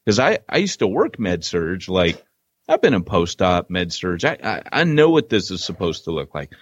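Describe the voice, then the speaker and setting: A man's voice: low voice, moderate pace, breathy edge, no room sound, dull audio. A middle-aged man co-hosting a podcast, chatting casually and teasing his partner with jokes. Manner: joking, teasing, lively storyteller. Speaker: podcast co-host. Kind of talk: casual chat.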